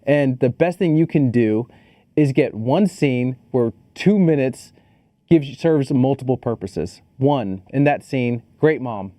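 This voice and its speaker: Dark-voiced man chatting about a movie. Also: medium pitch, dry recording. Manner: animated, swears freely, quotes people in quick asides. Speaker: podcast co-host. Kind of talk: casual movie review chat.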